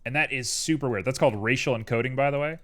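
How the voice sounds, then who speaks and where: A man's voice: mid-range voice, fast. Young male streamer, casual and rambling, typing audible under his chatter. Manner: rambling, tangential, animated. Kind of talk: casual live-stream chat while 3D modeling. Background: keyboard clicks and typing.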